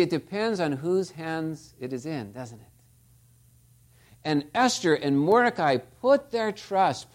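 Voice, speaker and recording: A man preaching a sermon, telling stories and asking the listeners rhetorical tag questions. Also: high-pitched. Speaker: pastor.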